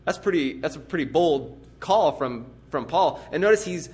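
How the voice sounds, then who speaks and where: A man with a somewhat high voice preaches to his church. He speaks in an earnest, emphatic way and builds vivid everyday pictures to make his point. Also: lively intonation, moderate pace, a little mellow. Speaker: pastor. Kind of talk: sermon.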